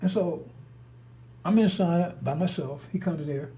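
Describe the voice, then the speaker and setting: A man's voice: on the high side, moderate pace, dark tone. An older man telling stories in a rambling monologue, blunt and confrontational, with frequent restarts and cursing. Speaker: storyteller.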